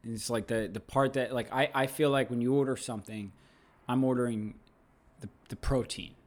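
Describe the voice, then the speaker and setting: A man co-hosting a podcast in casual chat, playful and thinking out loud with restarts. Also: mid-range voice, fairly even intonation, normal speed. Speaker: podcast co-host.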